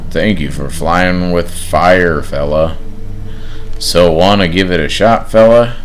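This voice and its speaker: A man's voice: low-pitched, slow, a little hiss or hum. A man voicing a cheery male video game cannon operator who sells flights and calls the player fella and buddy. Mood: salesy.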